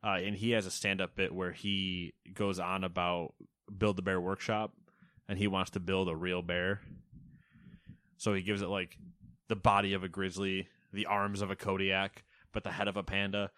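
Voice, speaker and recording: A man's voice: deep voice, little pitch movement, moderate pace, a bit bright, smooth, no echo, clean studio sound. A man co-hosting a video game podcast, chatty and joking as he banters and runs through new releases. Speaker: podcast co-host. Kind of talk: casual banter and news rundown.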